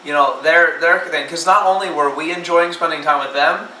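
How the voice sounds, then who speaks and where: A young man in casual group chat on a vlog, excited, laughing often and full of fillers. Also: fairly high pitch, a little fast. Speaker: vlogger. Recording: roomy, far from mic, faint noise.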